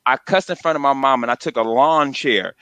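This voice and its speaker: A middle-aged man co-hosting a radio comedy show, chatting casually and telling animated stories, sometimes mimicking his mother in a high voice. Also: fairly quick, smooth, no room sound. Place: radio studio.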